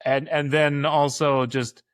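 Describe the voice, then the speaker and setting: A man co-hosting a podcast in casual chat, enthusiastic and quick to laugh. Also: a little high, flat delivery, no room sound, clean studio sound. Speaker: podcast co-host.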